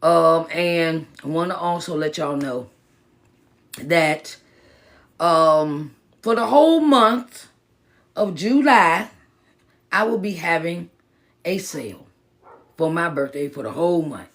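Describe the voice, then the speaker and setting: A woman's voice: low voice, takes it slowly, pauses often, fairly bright tone. A woman who is a motivational speaker and minister, talking casually on a phone live stream, repeating herself for emphasis and greeting viewers by name. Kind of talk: live-stream pep talk.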